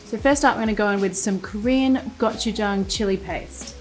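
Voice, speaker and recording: Woman cooking at the stove, chatty, talks thru every step, pan sizzling and soft music behind. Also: mid-range voice, normal speed. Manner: chatty, explains each step as she cooks. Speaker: cooking show host. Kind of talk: casual cooking demonstration. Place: home-style kitchen, cooking at the stove.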